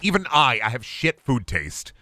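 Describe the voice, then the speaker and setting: A man's voice: medium pitch, sing-song, moderate pace, pushed and bright, no room sound. A young man streaming a game, rambling in jokey, profane rants to chat. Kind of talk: casual livestream chat.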